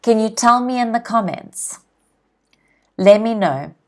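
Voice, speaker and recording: A woman teaching English on a live stream, speaking slowly and clearly and repeating each word for students to copy. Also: a little high, animated. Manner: slow, clear, repeats words for pronunciation drills. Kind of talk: live-streamed vocabulary lesson.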